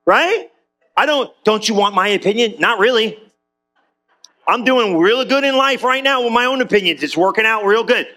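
A man delivers a lively sermon in a church, talking to the congregation like friends. His voice sits high and sounds bright and forceful. He keeps the energy up with quick conversational asides. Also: faint music behind. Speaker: pastor.

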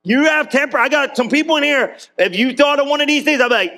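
A man delivers a lively sermon in a church, talking to the congregation like friends. His voice sits high and sounds bright and forceful. He keeps the energy up with quick conversational asides. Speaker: pastor.

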